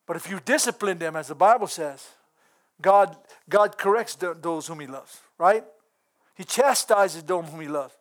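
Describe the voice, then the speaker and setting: High-voiced man preaching with chuckles. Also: moderate pace. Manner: chuckling often, folksy and earnest. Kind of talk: sermon.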